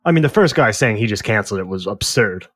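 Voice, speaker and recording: A man co-hosting a movie podcast, telling an exasperated story in casual, animated chat with some swearing. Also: fairly low pitch, fast talker, no echo, clean studio sound. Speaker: podcast co-host.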